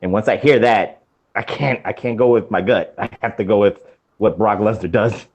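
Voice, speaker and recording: A laid-back male co-host on a podcast, talking his points through in a casual, easygoing way. His voice sits at a middling pitch and comes through a dull, lo-fi remote line. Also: normal speed, a little mellow. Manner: laid-back, reasoning things out. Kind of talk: casual wrestling podcast chat.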